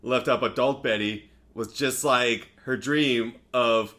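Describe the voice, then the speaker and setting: A man's voice: medium pitch, steady tone, slow pace, a bit bright. A man in casual podcast chat, rambling through a movie recap with lots of fillers and laughs. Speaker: podcast co-host.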